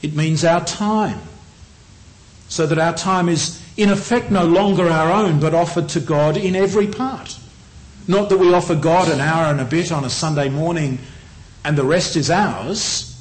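A middle-aged man with an Australian accent preaching a sermon in a measured, earnest way, often slowing down on key phrases. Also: fairly high pitch, poor audio.

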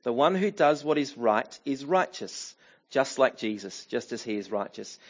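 A man's voice: mid-range voice, animated, moderate pace, husky, dull audio. A middle-aged man preaching a sermon in a church, talking in a conversational way with many fillers and restarts. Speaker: pastor.

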